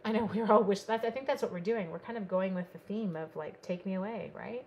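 A woman demonstrating card-making on a live online stream, chatting brightly with viewers as she works. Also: mid-range voice, brisk, dull audio, slight background noise. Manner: chatty, bubbly, talks to viewers while working.

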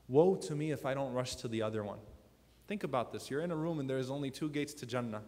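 Earnest male preacher in a big hall. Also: medium pitch. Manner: earnest, personal storytelling; drops to a soft, hushed voice for emphasis. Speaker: preacher at a youth conference. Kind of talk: emotional sermon. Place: large conference hall. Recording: long hall reverb.

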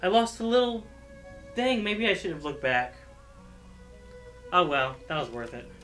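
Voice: medium pitch, very animated, measured pace, fairly bright tone, faint music behind. A gaming streamer giving jumpy, joking commentary on a horror game. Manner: jumpy, exclaiming, joking at the screen. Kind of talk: let's play commentary.

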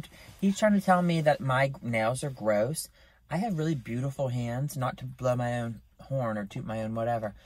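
A young man talking casually into his phone camera in a vlog, chatty and self-mocking, with his voice jumping up in pitch. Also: no echo. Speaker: vlogger. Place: in a car outside a store.

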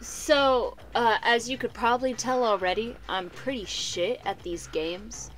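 A woman records gameplay commentary in a slightly high voice, excitable and quick to laugh at her own mistakes. She talks slowly and unhurriedly and drops the odd swear word. Soft music plays faintly behind her. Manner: excitable, swears, self-deprecating. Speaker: gaming YouTuber. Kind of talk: live gameplay commentary and voice-over narration.

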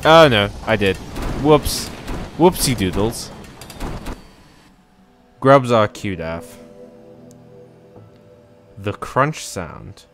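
A man casually commentating a game as he plays, reacting out loud and chatting to his viewers. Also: on the low side, sing-song, extremely slow, pauses often, soft background music. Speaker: game streamer. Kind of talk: casual let's-play commentary.

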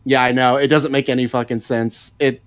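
A man's voice: medium pitch, level tone, brisk, clear, resonant tone, no room sound. A man in casual stream chat, ranting in a profane, rambling way and laughing often. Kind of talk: casual political rant chat.

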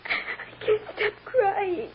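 A woman's voice: extremely high pitch, animated, full character voice. A woman playing a frightened, tearful little girl who clings and sobs, in 1940s radio acting on a dull old radio recording with hiss. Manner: sobbing, halting, clinging.

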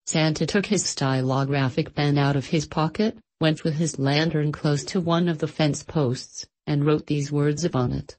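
A woman narrating a storybook in a calm, even storytelling manner. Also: low-pitched, a little slow, few pauses, poor audio. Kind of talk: storybook reading.

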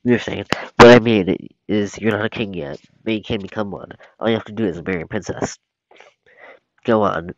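A man's voice: on the low side, steady tone, moderate pace, no echo, lightly acted. A man doing a magic mirror as game-show host. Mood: showy. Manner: showy game-show announcer patter. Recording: dull lo-fi stream audio.

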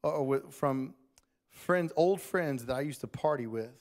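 With a mid-range, slightly mellow voice and a somewhat slow pace, a man delivers a church sermon. He speaks to the congregation conversationally, Southern-style, saying "y'all," and finishes in prayer.

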